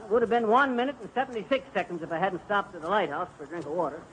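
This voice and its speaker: A man's voice: high voice, rapid-fire, close to an everyday voice. An actor playing a boastful middle-aged man spinning a tall tale, with a folksy drawl, in 1930s radio comedy. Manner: folksy, bragging, rambling. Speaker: comic storyteller. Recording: noisy old radio broadcast.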